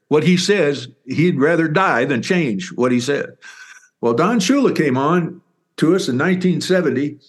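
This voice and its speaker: An older man, a former football player and author, telling stories in an interview with animated, rambling enthusiasm. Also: on the high side. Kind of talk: interview storytelling.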